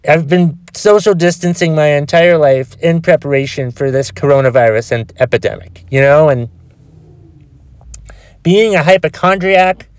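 A man's voice: on the high side, moderate pace, clean tone, dry recording. A man with a cold hosting a solo podcast, frustrated and swearing heavily as he rambles with restarts. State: has a cold with a cough. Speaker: podcast host.

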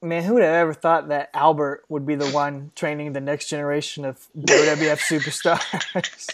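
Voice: medium pitch, little pitch movement, normal speed, noisy background. A podcast co-host reading out a wrestling recap in a casual, dry, matter-of-fact way.

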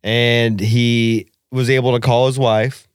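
A man's voice: mid-range voice, level tone, takes it slowly, clear, resonant tone, no echo, studio quality. A man co-hosting a podcast in casual chat, profane and joking, laughing often. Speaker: podcast co-host.

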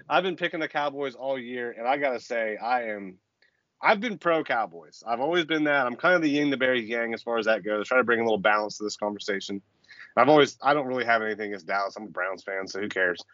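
A man co-hosting a sports talk show, calmly laying out his analysis of a team's problems with casual swearing. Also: mid-range voice, no echo, highs cut off. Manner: measured, reasoning through points, casual profanity. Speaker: podcast co-host.

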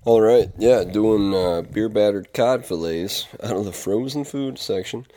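A man's voice: fairly low pitch, unhurried, dark tone. A man talking in a casual confessional monologue, rambling and earnest, with many fillers and restarts. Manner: earnest, reflective. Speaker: vlogger.

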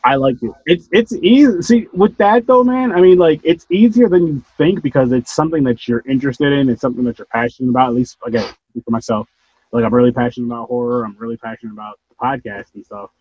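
A man hosting a casual podcast, his voice a little husky as he rambles through his thoughts and swears now and then. The sound is dry and somewhat dull, like a modest home setup. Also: medium pitch, fast, no echo. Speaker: podcast host.

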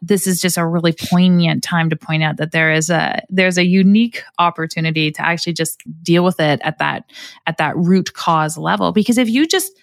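A woman's voice: lowish voice, a little fast, creaky, no echo, studio quality. A woman hosting a health podcast, explaining ideas thoughtfully with everyday analogies. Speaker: podcast host. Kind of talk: conversational interview.

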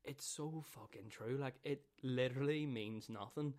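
A man's voice: mid-range voice, moderate pace, a little mellow. A man co-hosting a casual podcast, rambling and swearing often as he jokes about himself. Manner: swears a lot, rambling and self-mocking. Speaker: podcast co-host. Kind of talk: casual chat.

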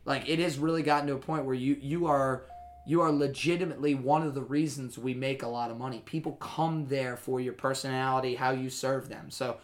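Animated joking male podcast host. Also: mid-range voice, brisk. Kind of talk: casual podcast chat.

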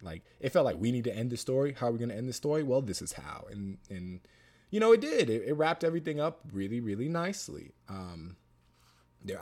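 A man with a fairly low voice talks through a movie review in a loose, chatty way. He piles up fillers and restarts, then repeats short phrases for emphasis. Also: darkish tone. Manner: rambling, lots of fillers and restarts; emphatic, repeats himself for stress. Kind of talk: casual spoken film review.

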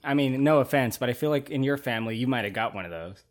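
A man's voice: medium pitch, animated, quick pace. A man in his thirties, a podcast host, chatting loosely about old movies, swearing and laughing often. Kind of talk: casual chat.

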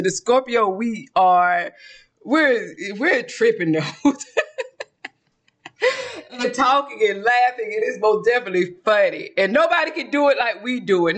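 A man's voice: high voice, fairly bright tone. A man from South Georgia with a Southern Georgia accent, talking in a rambling, chatty vlog monologue and laughing often. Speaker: vlogger.

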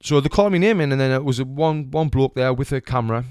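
A man telling a story in a smooth Sunderland accent. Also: mid-range voice, fast, darkish tone, dry recording, clean studio sound. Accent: Sunderland English. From England. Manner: chatty, swears freely, acts out the people in his story. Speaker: retired boxer telling a story. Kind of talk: casual storytelling.

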